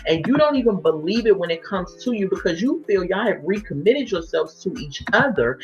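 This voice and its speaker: A woman giving a blunt, exasperated recap of a reality show, acting out the people she quotes. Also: medium pitch. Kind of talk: opinionated casual recap. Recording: dull lo-fi sound with faint music.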